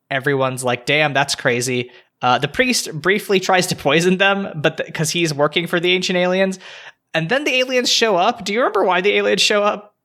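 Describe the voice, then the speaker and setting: Man, podcast co-host, bright voice, relaxed rambling casual chat. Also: a little high. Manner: relaxed storytelling, many fillers and restarts.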